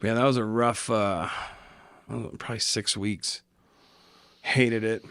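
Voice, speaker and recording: A man's voice: lowish voice, steady tone, takes it slowly, fairly bright tone, clear, resonant tone, no room sound. A man co-hosting a podcast, telling candid stories in a laid-back way, with swearing and jokes. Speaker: podcast co-host. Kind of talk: casual chat. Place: recording studio.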